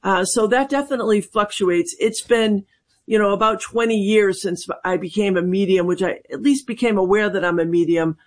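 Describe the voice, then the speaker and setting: A woman with a medium-pitched voice, speaking at normal speed, appears as a medium on a call-in radio show. Her manner is thoughtful and hesitant, marked by frequent fillers and restarts.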